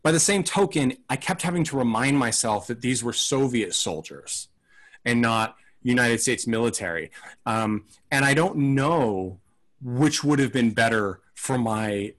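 A man's voice: medium pitch, lively intonation, a little slow, a bit bright. A man co-hosting a casual film podcast, talking in a thoughtful, rambling, hedging way. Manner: acts out mock quotes in silly voices.

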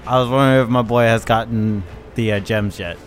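A man's voice: mid-range voice, fairly even intonation, fairly quick, faint music behind. A man playing a tabletop role-playing game, speaking in a dry, hesitant way. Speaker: player.

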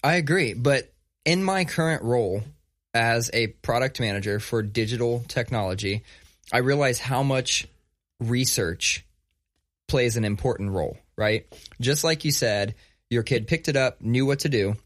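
A man co-hosting a casual podcast, talking in a relaxed, conversational way and telling stories. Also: medium pitch, measured pace. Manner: conversational, reads sponsor plug casually. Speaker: podcast co-host. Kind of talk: casual chat.

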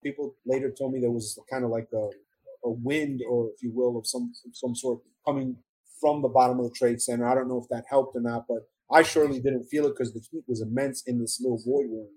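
A man's voice: mid-range voice, steady tone, a little fast, a little mellow, husky, low-quality recording. A middle-aged man with a New York accent, earnestly telling his own survival story in an interview, with emotional restarts. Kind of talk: first-person testimony in an interview.

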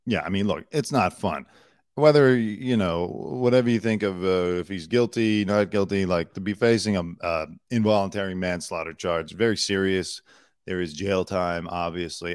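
A man's voice: low-pitched, no echo, clean studio sound. A man hosting a casual celebrity news show, talking bluntly and sarcastically and swearing now and then.

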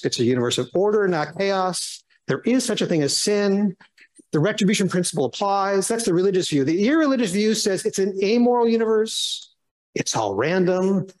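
Animated male Bible teacher. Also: high-pitched, rough recording. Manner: conversational, reads scripture aloud with emphasis; sarcastic asides, animated questioning.

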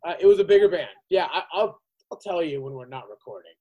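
A man hosting a podcast, telling an animated, profanity-heavy story in casual chat. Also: on the high side, quick pace, narrow, tinny audio, a crowd in the background. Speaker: podcast host.

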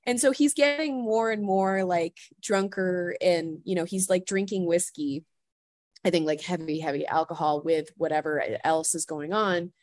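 A woman guest on a podcast telling a story in casual chat, animated and full of "like" fillers, acting out what people said. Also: on the low side, normal speed, no echo. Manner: animated storyteller, heavy "like" fillers, acts out quotes.

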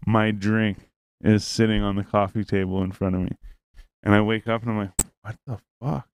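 A man's voice: fairly low pitch, level tone, brisk, darkish tone, clean tone, no room sound. Rambling, profane young man. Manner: rambling, profane, acts out quoted lines. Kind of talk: casual storytelling.

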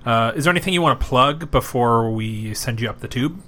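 A man's voice: mid-range voice, brisk, a bit bright, a little hiss or hum. A man co-hosting a casual podcast, joking and swearing freely while reviewing food. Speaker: podcast co-host.

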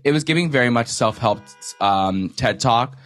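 A man's voice: medium pitch, moderate pace, soft background music. A man co-hosting a podcast, chatting casually and campily about reality TV, full of profanity and dramatic retellings. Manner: campy, profane, animated retellings. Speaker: podcast co-host. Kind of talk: casual reality-TV recap chat.

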